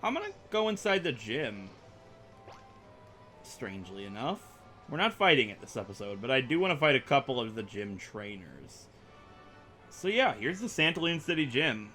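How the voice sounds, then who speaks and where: A young man chatting through a game playthrough, rambling and poking fun at himself. His voice swings animatedly up and down with a bright, forceful edge, and faint music plays underneath. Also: medium pitch, sing-song, moderate pace, long pauses. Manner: rambling, self-mocking, chatty. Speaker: gaming YouTuber. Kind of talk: let's play commentary.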